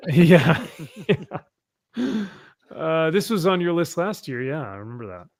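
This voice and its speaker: A man co-hosting a casual podcast, relaxed and quick to laugh along. His voice sits a bit high. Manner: laughing, easygoing. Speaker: podcast co-host. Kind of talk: casual chat.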